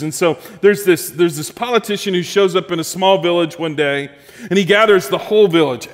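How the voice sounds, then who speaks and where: Man preaching in a reverberant hall. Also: a little high. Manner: storytelling preacher, building emphasis then dropping soft. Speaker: pastor. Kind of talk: sermon.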